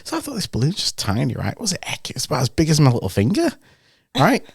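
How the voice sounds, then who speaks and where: A man's voice: medium pitch, fast, gravelly, breathy edge, no room sound, clean studio sound. A man co-hosting a podcast, telling a story in a casual chat and acting out the people he quotes. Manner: animated anecdote-telling, acts out the people he quotes. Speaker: podcast co-host.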